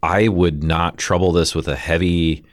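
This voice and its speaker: A man's voice: low-pitched, fairly even intonation, measured pace, dry recording. A man hosting a radio show, interviewing a guest in the studio and tasting food on air with chatty enthusiasm. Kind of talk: casual interview. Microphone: studio microphone.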